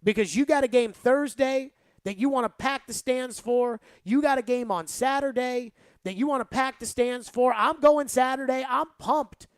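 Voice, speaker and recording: A woman's voice: sits high, moderate pace, no room sound. Emphatic woman sports radio host, dry. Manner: emphatic, rambling, says "like" a lot. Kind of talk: opinionated sports talk radio.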